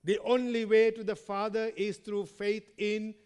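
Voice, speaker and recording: A man preaching a sermon who reads scripture aloud, asks the listeners rhetorical questions and calls them friends, with strong shifts between loud emphasis and quiet trailing words. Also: high voice, flat delivery, unhurried, clear, resonant tone. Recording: long hall reverb.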